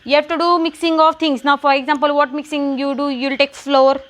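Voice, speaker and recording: High-voiced Marathi-accented woman teaching a class. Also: level tone, a little fast, fairly bright tone. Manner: repetitive questioning, spells words aloud. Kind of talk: classroom lesson.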